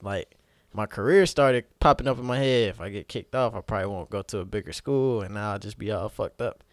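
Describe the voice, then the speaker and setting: A man's voice: lowish voice, a little fast, dry recording. Young guy telling a wild story, laughs a lot, does the voices, dry close sound. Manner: animated, laughing, acts out quotes. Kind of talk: casual storytelling.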